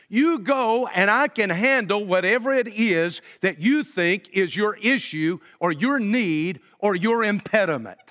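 A man preaching a sermon as pastor, emphatic and swinging between loud and hushed delivery. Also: high voice, expressive, unhurried, hardly any pauses. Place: church sanctuary. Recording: long hall reverb.

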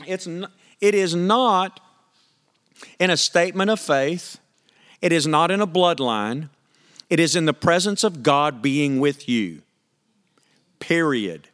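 A pastor preaches a sermon, his voice a little above typical male pitch and fairly bright. Expressive and slow, with frequent pauses, he talks conversationally to the congregation, reads scripture aloud, and presses his points with emphatic questions.

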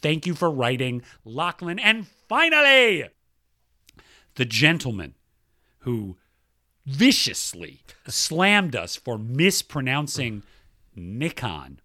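A man's voice: medium pitch, sing-song, slow pace, bright, forceful tone, no room sound, clean studio sound. A male podcast co-host in casual chat, enthusiastically reading out listener mail.

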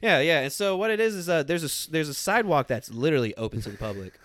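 A man's voice: fairly high pitch, lively intonation, fast talker, fairly bright tone, no room sound. A young man casually telling a profane story from his life, acting out the voices of people in it. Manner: profane, laid-back, acts out quoted voices.

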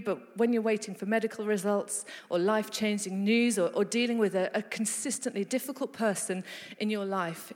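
A woman preaching a sermon, telling stories in an animated way with playful asides to her congregation. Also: mid-range voice. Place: church hall. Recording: reverberant hall.

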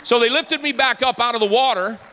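Male pastor, fifties, sermon; conversational storyteller, bright tone, reverb of a large hall. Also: extremely high pitch, fairly quick, some chatter behind, slight background noise. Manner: conversational storytelling preacher, acts out dialogue, repeats words.

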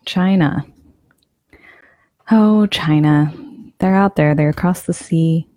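A woman's voice: lowish voice, fairly even intonation, normal speed, dark tone, dry recording. A woman co-hosting a casual podcast, musing and rambling with many fillers. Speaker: podcast co-host.

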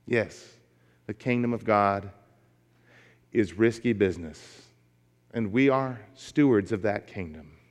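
A man's voice: lowish voice, takes it slowly, pauses often. A male pastor delivering a sermon, emphatic and folksy as he tells a story. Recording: long reverb of a large hall.

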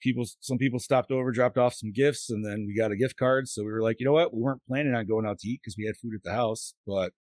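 A man's voice: medium pitch, fast, few pauses, dry recording. A man in his late thirties hosting a podcast, telling stories in casual chat, swearing often and acting out quotes. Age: 30s. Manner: profane, animated storytelling with acted-out quotes. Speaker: podcast host.

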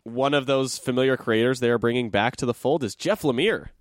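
A man's voice: medium pitch, fairly quick, dry recording. A man hosting a podcast, chatting casually about comic news in a loose, jokey way with lots of fillers. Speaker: podcast host.

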